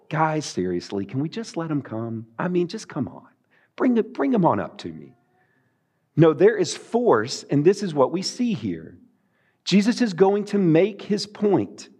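Male pastor, sermon delivery, lively swooping pitch, fairly high voice, emphatic. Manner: emphatic, rising and falling for emphasis.

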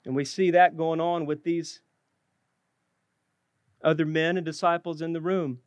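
A man preaching a sermon with passion, often dropping low and slowing down to stress his words. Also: level tone, smooth, no echo. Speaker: pastor.

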